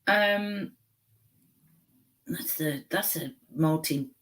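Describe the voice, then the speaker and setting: A woman, a comedian guest on a radio show, speaking in a halting, thoughtful way with fillers and sudden quick runs. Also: deep voice, fairly bright tone. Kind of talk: casual chat.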